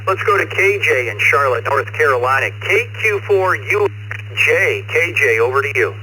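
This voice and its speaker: A man's voice: fairly high pitch, expressive, normal speed, bright, forceful tone, a little hiss or hum, poor audio. A man from the American Midwest hosting an amateur radio net, friendly and chatty with rambling asides. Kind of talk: casual radio net chat.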